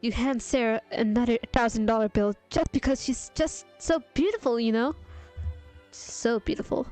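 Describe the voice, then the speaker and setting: A woman's voice: fairly high pitch, steady tone, moderate pace, a little mellow. A young woman reading fanfiction aloud in a playful, giggly way, stopping to react to her own story. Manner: playful, giggly, breaks off to comment. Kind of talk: casual dramatic reading of fanfiction. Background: faint music.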